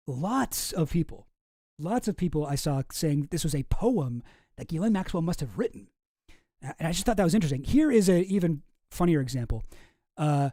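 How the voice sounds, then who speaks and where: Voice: mid-range voice, warm tone, no echo, studio quality. A streamer from Canada giving casual, profane, rambling political commentary with a sarcastic edge.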